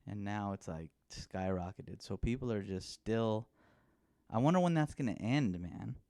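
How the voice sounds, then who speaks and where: A man's voice: fairly low pitch, expressive, normal speed, mellow, no echo, studio quality. A man hosting a casual podcast chat, laid-back and joking, often trailing off mid-sentence. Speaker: podcast host.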